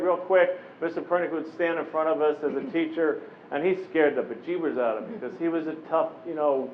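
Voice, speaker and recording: Animated storytelling man on a tinny recording. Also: a little high. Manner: animated, anecdotal, often slips into voicing the people he quotes. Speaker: keynote speaker. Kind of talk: storytelling keynote address. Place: conference room with a live audience. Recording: tinny phone-like recording with faint noise.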